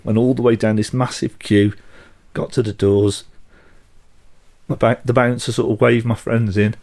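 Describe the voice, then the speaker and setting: A middle-aged man with a Telford accent, a podcast guest telling anecdotes in a measured, slightly hesitant way. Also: mid-range voice, level tone, darkish tone. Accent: Telford English. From Telford, England. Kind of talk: conversational storytelling.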